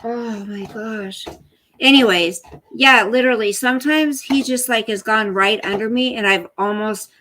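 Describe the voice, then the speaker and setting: A woman's voice: fairly high pitch, unhurried, a little hiss or hum, rough recording. Chatty older woman streaming live. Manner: chatty, rambling, talks to her dog in soft baby talk. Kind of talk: casual live stream chat.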